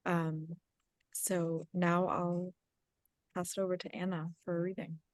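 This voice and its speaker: A woman moderator wraps up an online discussion with polite thanks and scripted announcements. Her voice sits a little low, and the sound is close and dry. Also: level tone, measured pace, no room sound. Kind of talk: closing remarks of an online talk. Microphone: video call.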